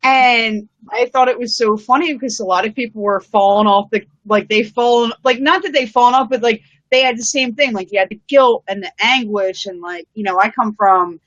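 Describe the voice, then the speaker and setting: A woman's voice: medium pitch, normal speed, hardly any pauses, fairly bright tone, no room sound. A woman hosting a live-streamed chat outdoors, talking in a rambling, casual way full of "like" and "you know", with the odd swear word. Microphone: live-stream setup. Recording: dull, dry lo-fi sound.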